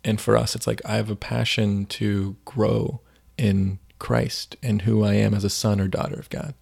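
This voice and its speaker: A man's voice: lowish voice, flat delivery, normal speed, creaky, darkish tone, slightly rough. A man co-hosting a faith podcast, chatting casually and retelling stories with many fillers. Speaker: podcast co-host.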